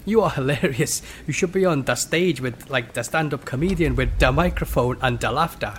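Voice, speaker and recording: A man voicing an excitable, fawning male German soldier in a loose put-on German accent. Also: medium pitch, moderate pace, slight background noise, lightly acted. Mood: eager, gushing. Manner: over-the-top eager and fawning.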